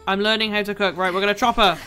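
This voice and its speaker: A woman giving casual, excitable commentary as she plays a video game at home, laughing and swearing as she goes. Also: medium pitch, very fast. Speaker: gaming video creator.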